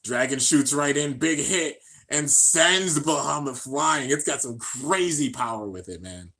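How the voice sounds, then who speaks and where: Watching an anime, this man calls the action in hyped-up slang and yells out when the big moments hit. His pitch is medium and his pace is measured.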